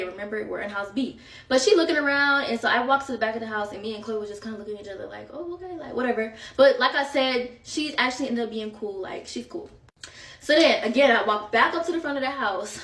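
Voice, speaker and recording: A woman's voice: a little high, a bit bright. A young woman telling a rambling storytime to her viewers, casual and full of asides to the audience. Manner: chatty, filler-heavy, rambling asides to viewers. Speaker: storytime vlogger. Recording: echoey room, far from the mic.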